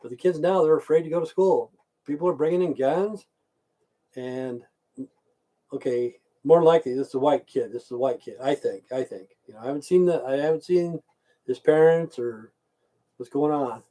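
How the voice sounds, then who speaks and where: An older man from the United States rambling and cursing as he chats with his livestream viewers, swinging between loud bursts and mumbles. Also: on the high side, normal speed. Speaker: livestream host chatting with viewers. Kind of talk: rambling casual livestream rant.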